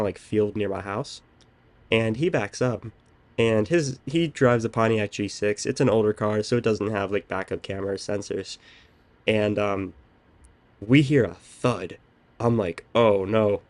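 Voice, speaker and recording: A man's voice: on the low side, measured pace, a little mellow. A young man hosting a podcast, telling a story in casual chat with lots of ums. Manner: rambling storytelling with many "um"s. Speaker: podcast host.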